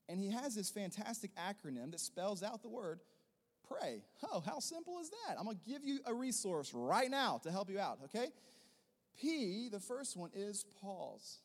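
A man preaching a sermon as a pastor, rising into loud emphatic bursts and then dropping into softer, quieter teaching. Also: high-pitched, big pitch swings, moderate pace, in a large hall.

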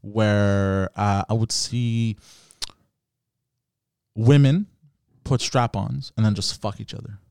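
A man's voice: fairly low pitch, steady tone, takes it slowly, gravelly, pauses often, a little mellow, clear, resonant tone, no echo. Laid-back man telling stories, dry mic. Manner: laughing, storytelling with bro slang. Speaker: podcast host. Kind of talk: casual chat.

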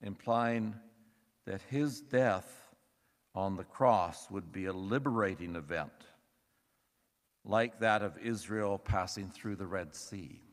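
Slow, measured preacher in an echoing church. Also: male voice, low voice. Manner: measured, thoughtful delivery with wry asides. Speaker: pastor. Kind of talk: sermon. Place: church sanctuary. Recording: long reverb of a church hall.

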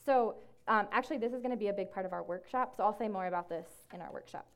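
A woman's voice: medium pitch, smooth. Casual woman giving a church talk. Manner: casual and conversational, many fillers like "like" and "um"; slows down to read scripture. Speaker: ministry staff speaker. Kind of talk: talk to a group. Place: room with an audience.

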